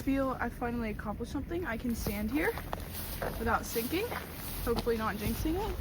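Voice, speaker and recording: A woman vlogging outdoors in deep snow, chatty and exclamatory, mocking herself, out of breath with a slightly rough voice, recorded on a tripod camera. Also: expressive, a little fast. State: voice a bit rough. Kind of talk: casual vlog narration. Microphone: camera on a tripod, sometimes from a distance. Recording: noisy outdoor recording, sometimes far from the mic. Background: outdoor ambient noise.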